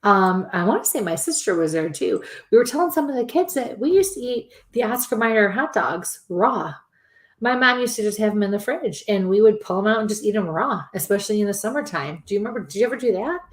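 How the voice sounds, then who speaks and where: A woman's voice: medium pitch, animated, brisk. A woman in her forties co-hosting a show in casual chat, laughing often as she talks. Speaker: co-host.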